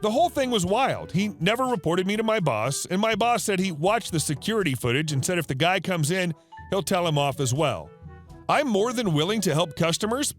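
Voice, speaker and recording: A man narrating reddit stories in an upbeat, expressive, scripted storytelling style. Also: on the high side.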